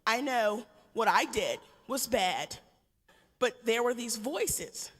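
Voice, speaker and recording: A woman voicing her young son as a calm, eerily quiet boy with a low, hushed voice. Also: a little slow, gravelly, slightly rough, full character voice. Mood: quiet, pleading. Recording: long hall reverb.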